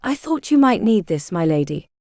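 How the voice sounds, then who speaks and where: A woman's voice: mid-range voice, sing-song, normal speed, dark tone, dry recording, studio quality. A woman voicing a loyal young soldier who speaks sincerely and respectfully.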